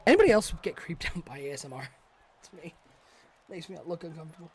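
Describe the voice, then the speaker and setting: A man doing chatty, excitable play-by-play commentary for a live stream, joking with viewers in chat. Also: a little high, quick pace.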